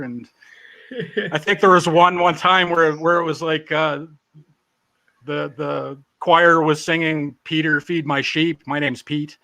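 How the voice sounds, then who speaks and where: A man's voice: a little high, fairly even intonation, takes it slowly, gravelly, sharp tone, dry recording. Laid-back man in his forties. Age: 40s. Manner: laid-back, joking, self-deprecating. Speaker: interview guest. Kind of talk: casual storytelling.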